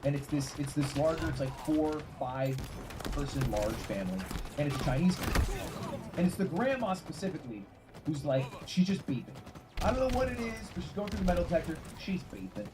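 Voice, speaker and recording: A man streaming and casually telling an animated story, swearing freely along the way. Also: fairly high pitch, a little fast, noisy background. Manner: animated and profane.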